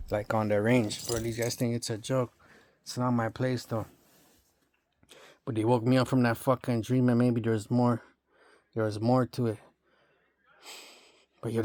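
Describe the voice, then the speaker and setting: A man's voice: on the low side, darkish tone, no echo. A man from Romania ranting in a rambling, profane monologue, tossing in bro and dog all the time. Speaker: vlogger.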